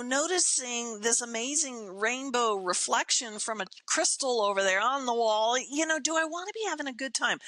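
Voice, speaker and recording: An older woman with a bright, ringing voice pitched a little high talks in a lively, emphatic way. She laughs easily and tells stories as a podcast guest in casual chat, with a dry, close sound. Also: no echo. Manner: animated storyteller, acts out her own inner voice.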